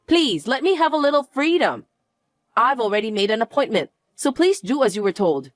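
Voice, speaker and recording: A harsh, scornful young daughter-in-law, voiced by a woman in a narrated family drama, pitched fairly high with a lively, swinging delivery. The voice is dry and close, with faint music underneath. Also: moderate pace, no room sound.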